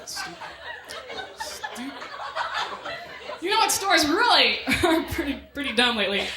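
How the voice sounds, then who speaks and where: A woman working as MC and stand-up comic, doing a club set and bantering with the crowd in quick asides. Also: sits high, sing-song. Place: comedy club stage with a live audience. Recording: echoey club room with loud noise.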